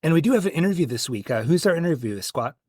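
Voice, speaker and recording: A man hosting a casual sports podcast, talking in a relaxed, hesitant way with fillers and restarts. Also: on the high side, quick pace, husky, no echo, studio quality. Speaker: podcast host.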